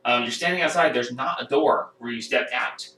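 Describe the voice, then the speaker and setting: A man running a home tabletop game, describing each scene in a halting way with plenty of ums and uhs. His voice is bright and clear, picked up from a distance in a roomy room at home. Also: mid-range voice. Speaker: game master. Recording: roomy sound from a distant mic.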